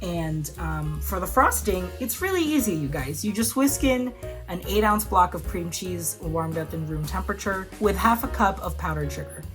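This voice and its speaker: A woman's voice: on the low side, lively intonation, normal speed, faint music behind. A woman hosting her own cooking show, chatting casually and upbeat through a recipe with lots of "like" and "um". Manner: chatty, upbeat, full of "like" and "um" fillers. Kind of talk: casual cooking vlog chat.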